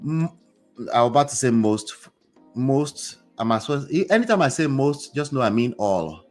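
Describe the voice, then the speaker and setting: A man hosting a motivational commentary show, speaking straight to his viewers in a preachy, animated way. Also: medium pitch, normal speed, soft background music. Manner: preachy, animated, talks to the audience directly. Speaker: host.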